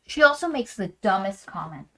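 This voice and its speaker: A woman's voice: mid-range voice, sing-song, fairly quick, a bit bright. A woman co-hosting a podcast, chatting casually and sarcastically as she roasts a novel, swearing freely. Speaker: podcast co-host. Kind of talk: casual book-roast chat.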